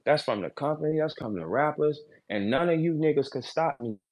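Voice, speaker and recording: A fired-up man on a live audio chat. He rants with a fairly high voice, repeating short punchy lines, and keeps dropping from loud bursts into low, threatening mutters. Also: animated, fairly quick, muffled recording. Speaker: battle rapper. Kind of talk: heated Twitter Spaces rant.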